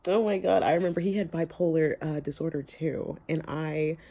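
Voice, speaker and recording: A woman's voice: low-pitched, steady tone, moderate pace, vocal fry, dark tone. A young woman vlogging casually from her car, rambling with lots of fillers while reading notes aloud. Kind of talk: casual reminiscing vlog.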